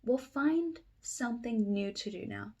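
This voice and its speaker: A woman reading a children's book aloud at circle time, trying tongue twisters slowly and then fast, with playful asides. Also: fairly high pitch, expressive, vocal fry, darkish tone. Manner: reads tongue twisters slowly, then races through them, comments playfully.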